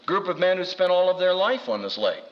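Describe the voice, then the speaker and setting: Speaking fast, a man who teaches at a seminary delivers a lively Bible lesson to an audience, full of wry humor and quotes dramatized with large pitch swings. The sound is lo-fi, with slight background noise.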